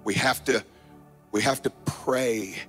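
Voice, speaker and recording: Impassioned male revival preacher, bright voice. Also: medium pitch, fairly even intonation, slow pace, faint music behind. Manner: impassioned, swinging between shouting and hushed. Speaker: pastor. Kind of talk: revival sermon.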